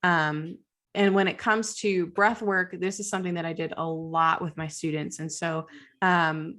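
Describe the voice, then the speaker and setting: A chatty woman co-hosting a casual podcast, with a voice sitting a little below the usual. She draws on her counseling work and fills her sentences with "like", breaking into easy laughs. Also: lowish voice. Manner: chatty, peppered with "like", laughs often. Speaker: podcast co-host, school counselor.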